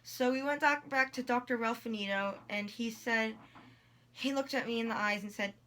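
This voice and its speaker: Chatty young woman with a bright voice. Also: a little high, normal speed. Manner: rambling, lots of likes and ums, quotes people in dialogue. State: in pain while talking. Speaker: vlogger. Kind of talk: casual personal storytelling.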